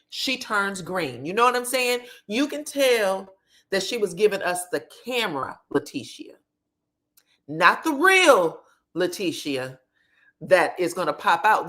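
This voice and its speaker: A woman retells reality TV drama as casual gossip, acting out every quote with lots of swearing and laughing. Her pitch swings widely as she tells the story. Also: bright, forceful tone. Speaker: reality TV recap host.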